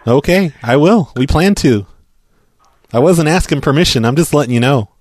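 A man making a prank phone call, talking in a pushy, deadpan, matter-of-fact way. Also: on the high side, normal speed, no echo. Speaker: prank caller.

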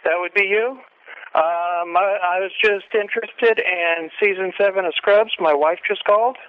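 An angry man on the phone threatens to confront the person who insulted him. His voice sits high. The phone line is tinny. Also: normal speed, slight background noise. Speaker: caller. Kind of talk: phone call.

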